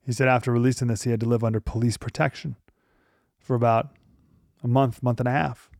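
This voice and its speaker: A man with a gravelly, creaky voice leads a Bible teaching talk as a radio host. He speaks with emphasis and slows down to stress key phrases. His voice is recorded close and dry, with no room echo. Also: mid-range voice, level tone, a little mellow.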